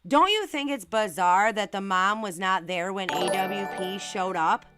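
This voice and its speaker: Woman host, casual stream commentary, indignant and blunt, bright clear tone, dry close sound. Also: on the high side, no echo. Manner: outspoken, indignant, swears and asks rhetorical questions. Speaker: channel host reading viewer comments.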